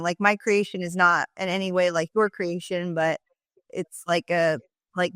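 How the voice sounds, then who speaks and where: A middle-aged woman hosting a podcast, chatting with enthusiasm and quick asides. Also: on the low side, a bit bright, dry recording, studio quality. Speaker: podcast host. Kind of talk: casual interview chat.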